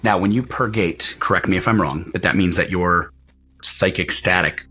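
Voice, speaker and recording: A man's voice: deep voice, normal speed, pushed and bright, a little hiss or hum. A man narrating as game master of a tabletop role-playing session, describing scenes at length with frequent restarts.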